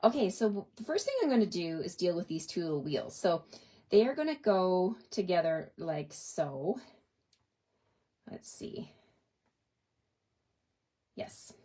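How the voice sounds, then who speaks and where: A chatty woman from Canada with a fairly low voice, hosting a relaxed craft tutorial at her home desk. She keeps up an easy running commentary, talks to herself while she works, answers her viewers and laughs often. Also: a little slow, long pauses. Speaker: craft demonstrator.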